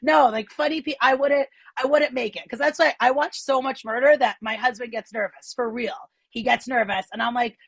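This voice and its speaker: A woman comedian doing animated, self-deprecating stand-up from home over a video call on her phone. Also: fairly high pitch, brisk, few pauses, breathy edge, no room sound.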